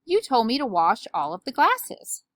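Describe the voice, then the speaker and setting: A woman's voice: fairly high pitch, huge pitch swings, moderate pace, fairly bright tone, dry recording, voice pushed up. A woman voicing a cheerful, literal-minded housekeeper in a children's storybook.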